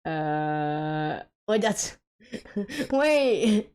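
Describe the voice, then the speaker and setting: Slow, gravelly-voiced woman gamer. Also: fairly low pitch, darkish tone. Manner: giggly, hesitant, many fillers and laughs. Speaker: streamer playing a co-op game with friends. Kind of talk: casual gaming chatter.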